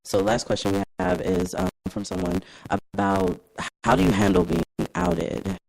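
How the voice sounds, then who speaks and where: A man co-hosting, asking questions in a relaxed, hesitant way with plenty of ums. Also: sits high, normal speed, creaky, no room sound, rough recording. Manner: relaxed, hesitant with ums, short agreeing replies. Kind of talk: casual interview.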